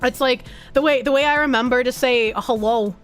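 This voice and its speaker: A woman's voice: sits high, faint music behind. A young adult woman with a Boston accent, chatting casually as a streamer, playful and profane, reading out viewer comments. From United States. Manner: playful and profane, quick asides and laughs.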